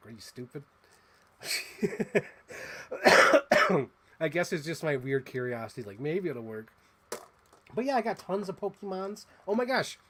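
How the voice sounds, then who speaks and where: A man hosting a casual toy unboxing, chatty and excitable as he gushes over what he shows. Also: medium pitch. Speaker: host.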